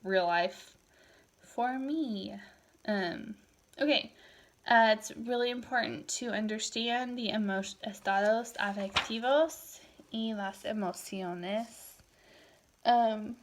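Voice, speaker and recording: A tired woman in her thirties teaching a recorded Spanish class, switching between English and Spanish in a relaxed, chatty way. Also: a little high, slow. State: tired, yawning. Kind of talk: recorded lecture.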